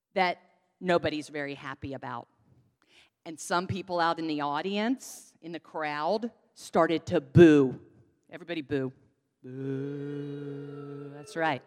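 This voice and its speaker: A woman giving a children's sermon into a handheld microphone in a church sanctuary, leading the congregation in call-and-response. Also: low voice. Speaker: pastor giving a children's message. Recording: long church reverb.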